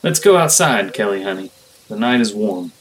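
A coaxing old grandfather with a hint of a secret, as a man reading the tale puts him on. He speaks gently, drawing a child closer, in a low-set voice. It sounds like a storybook reading. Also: lively intonation, moderate pace, natural voice, poor audio.

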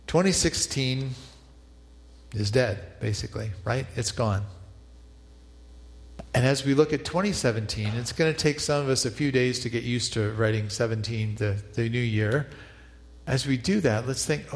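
A man's voice: mid-range voice, normal speed, in a large hall. A man preaching a reflective New Year sermon as pastor, leading listeners in repeated prayer.

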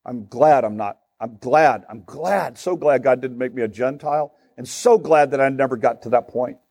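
A man's voice: mid-range voice, normal speed, a little mellow, dry recording, studio quality, natural voice. A man voicing a smug, self-righteous male Pharisee who boasts and sneers at others. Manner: scornful, boastful.

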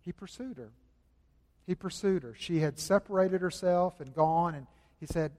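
High-voiced male pastor preaching in a hall. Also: normal speed, dark tone. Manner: conversational preaching with restarts and emphatic repetition. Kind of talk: sermon. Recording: reverberant hall.

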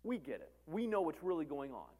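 Pastor guy preaching, high voice, gets loud then goes quiet and chatty. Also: brisk. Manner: animated, swings between loud emphatic calls and quiet asides. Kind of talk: sermon.

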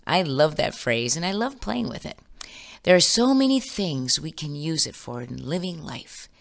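Brief: reflective woman host, low and lively, gentle storytelling. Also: normal speed, vocal fry. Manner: warm, storytelling, expressive. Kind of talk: scripted reflective talk.

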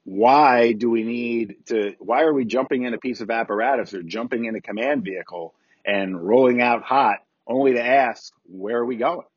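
A man's voice: mid-range voice, normal speed, slightly rough, dry recording, dull audio. A man, a volunteer fire chief hosting a podcast, giving casual instructional talk in a plainspoken way, repeating key points and asking rhetorical questions.

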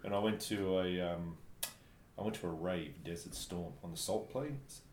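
A man from New Zealand telling travel stories in casual chat, animated and laughing often. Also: low voice, moderate pace. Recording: echoey room, faint background noise.

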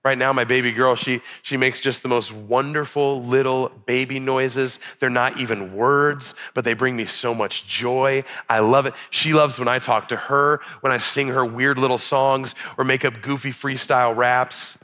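Bright-voiced young pastor preaching. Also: male voice, mid-range voice, steady tone, moderate pace, hardly any pauses. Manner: earnest, building to emphatic peaks. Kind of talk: sermon.

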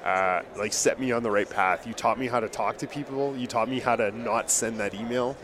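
A man's voice: mid-range voice, brisk. A male dentist hosting a podcast, talking earnestly and emotionally, often repeating words as he speaks. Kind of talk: emotional casual conversation. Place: conference booth. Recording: busy conference hall crowd. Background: crowd chatter.

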